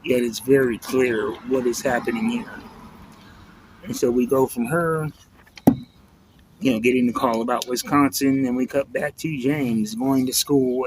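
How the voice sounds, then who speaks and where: A man's voice: medium pitch, a little hiss or hum, low-quality recording. Casual man reviewing a comic book. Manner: relaxed, reflective, with frequent "you know" fillers.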